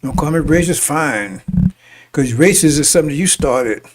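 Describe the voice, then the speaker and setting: A man with a high voice preaches to his congregation in a loose, rambling commentary. He stumbles and repeats words, chuckles between points and keeps checking in with "see?", sometimes rising to emphatic declarations. His voice sits some distance from the microphone. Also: expressive, normal speed. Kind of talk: rambling sermon-style commentary.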